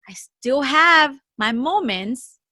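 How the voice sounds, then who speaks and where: A woman's voice: high-pitched, lively intonation, slow pace, pushed and bright, no echo. A woman co-hosting a casual podcast, telling a story animatedly with lots of swearing and laughter. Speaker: podcast co-host. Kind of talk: casual chat.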